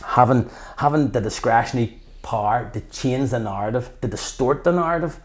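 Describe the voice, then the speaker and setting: A slightly fast, mid-range male voice carries a Belfast accent; he's in his fifties. Appearing as a guest in a conversational interview, he tells his stories with passion, animatedly voicing what people said.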